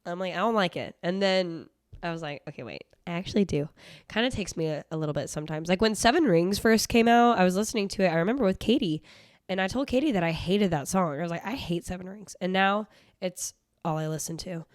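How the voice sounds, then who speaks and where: A woman's voice: fairly low pitch, fast talker, dry recording, clean studio sound. A young woman hosting a solo podcast, telling a rambling, profane story in casual chat, full of "like" fillers. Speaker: podcast host.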